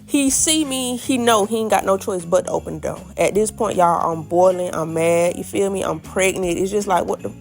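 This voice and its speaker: A young woman from Florida, chatting casually to her viewers in a storytime vlog, animated and talking straight to the audience. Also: medium pitch, normal speed, creaky, few pauses, soft background music. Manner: animated, addresses viewers as y'all, acts out quotes. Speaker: vlogger.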